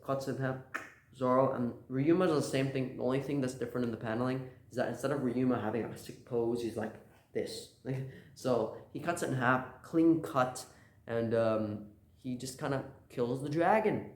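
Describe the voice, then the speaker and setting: Rambling casual male recapper. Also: mid-range voice. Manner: loose, rambling, lots of fillers and laughs. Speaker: channel host. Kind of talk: casual manga chapter recap. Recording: roomy echo.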